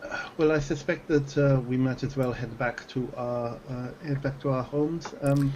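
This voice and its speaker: A man playing in a tabletop game, talking slowly and carefully with many hesitations. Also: mid-range voice, fairly even intonation, a little mellow, lo-fi sound, a little hiss or hum. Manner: hesitant, full of ums and long careful sentences. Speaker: player. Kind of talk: tabletop game role-play chat.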